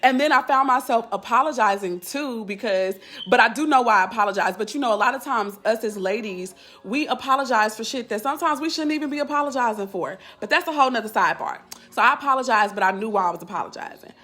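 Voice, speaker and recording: A woman's voice: on the high side, fast talker, hardly any pauses, a bit bright. A woman life coach chatting casually on a live stream, candid and blunt in loose, slangy talk.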